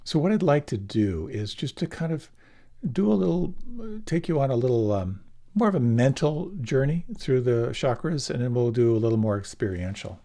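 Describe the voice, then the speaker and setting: A man giving a relaxed, reflective meditation talk, often letting his phrases trail off softly. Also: mid-range voice, normal speed. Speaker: meditation teacher. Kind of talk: dharma talk.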